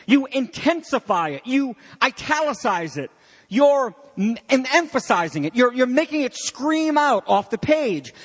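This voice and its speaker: A man preaching a sermon as pastor, animated and joking with his congregation. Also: very high-pitched. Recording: long hall reverb.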